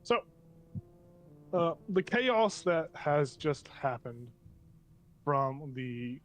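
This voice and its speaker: Male game master, slightly high voice, rambling scene-setter. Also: sing-song, extremely slow. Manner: loose, meandering scene description. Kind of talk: narrating a tabletop game.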